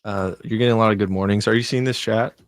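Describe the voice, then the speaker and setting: A laid-back male producer who chats to a livestream audience in a loose, meandering way. His voice sits on the low side and sounds dry and close to the mic. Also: fairly even intonation, quick pace, no echo. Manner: loose, rambling, easygoing. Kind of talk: casual chat on a livestream.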